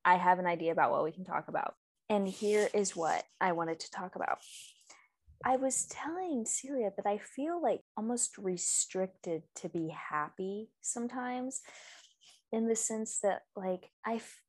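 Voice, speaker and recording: A young woman co-hosting a relaxed podcast, her voice at a middle pitch. She talks in a loose, chatty way, full of fillers, and laughs easily. The sound is dry and close. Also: unhurried, no room sound. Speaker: podcast co-host. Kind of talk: casual chat.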